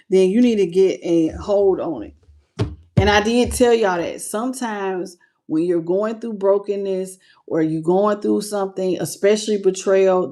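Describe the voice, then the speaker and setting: A woman's voice: mid-range voice, darkish tone. Woman, spiritual channel host; earnest, loose conversational delivery. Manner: earnest and intimate, with loose casual phrasing. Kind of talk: casual livestream talk to viewers.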